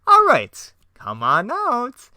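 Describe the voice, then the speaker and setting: A man voicing a gleeful clown crime boss, reading his old homemade script with a shrill, drawn-out, mocking delivery. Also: wildly swooping pitch, sharp tone, no echo, clean studio sound, exaggerated voice. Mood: scheming.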